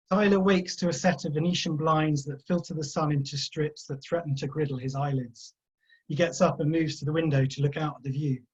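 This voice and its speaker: A man, an author, reading his own crime fiction aloud at an unhurried pace over a video call. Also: on the high side, breathy edge. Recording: dull lo-fi video call audio.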